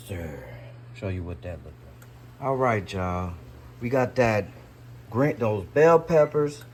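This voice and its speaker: A man's voice: on the low side, a little mellow, a little hiss or hum. A man hosting a casual cooking vlog, chatty and slangy, calling his viewers y'all all the time. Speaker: cooking vlogger.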